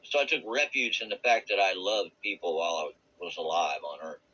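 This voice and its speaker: A man giving a rambling, earnest personal testimony about a spiritual experience. He searches for words and laughs softly now and then. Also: deep voice, animated, a little fast, slightly rough, muffled recording. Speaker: vlogger sharing a spiritual experience.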